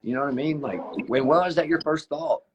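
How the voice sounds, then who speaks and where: A man's voice: a little high, fast, lo-fi sound, slight background noise. A man hosting a podcast, blunt and profane as he teases his guest and tells his own stories. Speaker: podcast host. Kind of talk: casual podcast chat.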